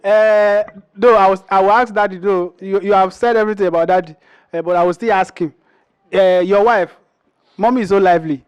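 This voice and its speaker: A man's voice: high-pitched, fairly even intonation, fairly quick, smooth, no room sound, muffled recording. A man hosting an interview, prompting his guests with short affirmations and questions. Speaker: interview host. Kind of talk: interview chat.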